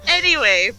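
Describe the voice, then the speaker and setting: A woman co-hosting a tabletop game podcast in casual chat, excitable and quick to react, acting out the characters' lines. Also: high-pitched, rough recording. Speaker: podcast co-host and player.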